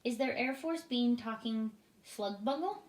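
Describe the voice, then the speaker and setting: Brief: gentle friendly male giant who mangles words, storybook read-aloud, done by a woman, echoey room. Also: a little high, animated, measured pace, a little hiss or hum, voice pushed up. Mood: calm. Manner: jumbled grammar, made-up words. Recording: roomy echoing room.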